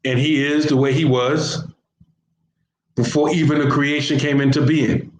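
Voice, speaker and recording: A man's voice: fairly high pitch, level tone, measured pace. A man teaching an informal religious lesson, talking conversationally in everyday slang and often repeating his phrases. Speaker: Islamic teacher. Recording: roomy echo with faint background hiss.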